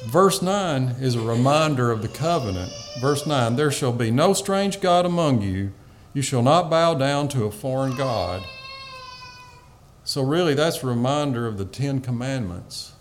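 A man's voice: medium pitch, animated, measured pace, slight background noise. A man preaching a sermon, teaching on a psalm in an earnest, pleading way with some fillers.

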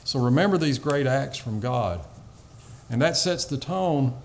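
A man's voice: mid-range voice, expressive, a little slow, creaky, a little hiss or hum. A man preaching a sermon, teaching on a psalm in an earnest, pleading way with some fillers.

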